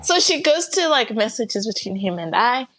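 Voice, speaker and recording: A woman's voice: on the high side, big pitch swings, moderate pace, a bit bright. A young adult woman, a podcast guest, animatedly retelling a personal story and quoting others, with many filler words. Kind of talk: casual storytelling.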